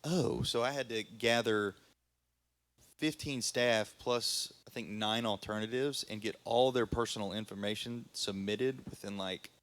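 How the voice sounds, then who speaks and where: A man with a fairly low voice talks through his catering stories in an easygoing, rambling way, full of "uh" and "um". He sounds like a relaxed guest on a casual podcast. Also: a little slow. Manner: relaxed storyteller, many fillers. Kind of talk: casual interview chat.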